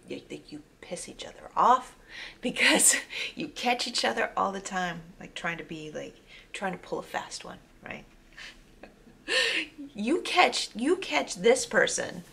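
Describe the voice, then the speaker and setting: A woman's voice: sits low, vocal fry, a bit bright, a little hiss or hum. A woman giving a casual spoken tarot reading, meandering with fillers and self-corrections, sometimes dropping to a near-whisper. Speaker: tarot reader.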